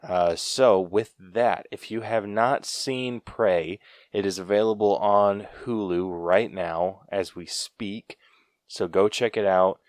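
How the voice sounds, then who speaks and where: A young man hosting a podcast, talking in a relaxed, blunt and laid-back way. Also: lowish voice, slow, no echo, studio quality. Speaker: podcast host. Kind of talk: casual podcast chat.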